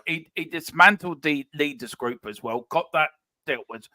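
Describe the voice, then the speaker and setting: A man with a bright, forward voice gives his views as a football fan panelist. He speaks emphatically, often repeating a phrase for weight, and his voice sounds dry and close. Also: on the high side, moderate pace, dry recording. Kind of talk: casual fan discussion.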